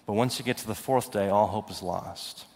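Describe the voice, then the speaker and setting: A young adult man preaching a sermon, swinging from loud, rising declarations to hushed, slow intensity. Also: on the low side. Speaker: pastor. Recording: long hall reverb.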